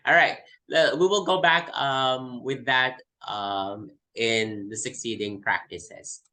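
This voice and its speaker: A man's voice: mid-range voice, slow, sharp tone, low-quality recording. A man from the Philippines, teaching an English test class and explaining by repeating example words. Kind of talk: online class lesson.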